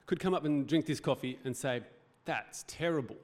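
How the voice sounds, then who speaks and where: A man's voice: medium pitch, fairly quick, a little mellow. A man preaching a sermon as pastor, in a conversational, joking way with rhetorical questions. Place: church hall.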